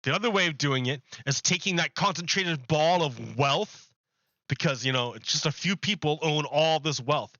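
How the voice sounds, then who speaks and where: A man streaming a video game, chatting casually in a rambling, animated way and restarting his sentences often. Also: on the high side, moderate pace, no room sound, lo-fi sound. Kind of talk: casual chat while gaming.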